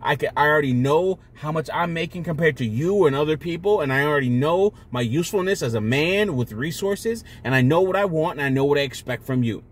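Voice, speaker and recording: A man's voice: fairly high pitch, expressive, fairly quick, hardly any pauses. A man talking to camera in a casual, rambling monologue, blunt and full of profanity. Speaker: vlogger.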